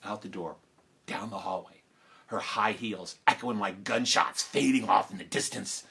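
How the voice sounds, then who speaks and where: A man telling a story with big swings from loud to hushed. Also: on the low side, moderate pace, creaky, slightly rough. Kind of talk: animated storytelling. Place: home, live stream.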